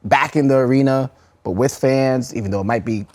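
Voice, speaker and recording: A man's voice: medium pitch, fairly quick, a little mellow. An American man co-hosting a podcast, steering the chat with questions and segment setups. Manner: leads with questions, sets up segments. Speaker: podcast co-host. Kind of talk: casual interview chat.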